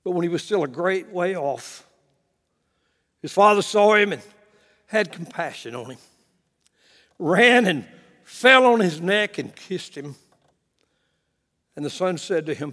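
A preacher tells a story in a sermon, his voice sitting high for a man. He swings between loud bursts and hushed lines, with chuckling asides. A long reverb trails him through the church. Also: expressive, a little slow, long pauses. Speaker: pastor.

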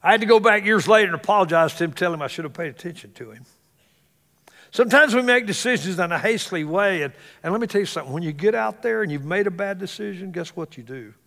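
A male pastor preaching a sermon in a church, swinging between loud exclamations and hushed asides. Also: high voice, animated, fast, vocal fry. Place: church sanctuary. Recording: reverberant church hall.

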